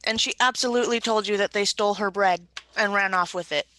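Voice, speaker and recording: A woman's voice: medium pitch, quick pace, pushed and bright, no echo. A woman playing in a tabletop game over voice chat, teasing the others with playful banter. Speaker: player. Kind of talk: casual tabletop play.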